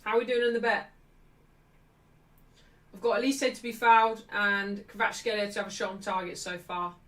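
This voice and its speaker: A woman hosting a live football watchalong, chatting cheekily and shouting out at refereeing calls. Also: mid-range voice, flat delivery, normal speed, recorded from a distance. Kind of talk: live match watchalong commentary.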